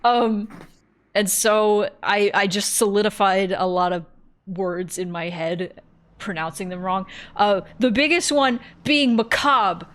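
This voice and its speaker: Woman streamer, mid-pitch voice, giggly and rambly, swears a lot. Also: measured pace. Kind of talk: casual chat while playing a game.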